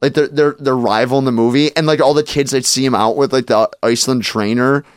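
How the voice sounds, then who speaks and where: Male co-host, mid pitch, rambling and animated, dry close mic. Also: brisk, clear, resonant tone, no echo. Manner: animated, rambling with lots of fillers. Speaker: podcast co-host. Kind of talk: casual chat.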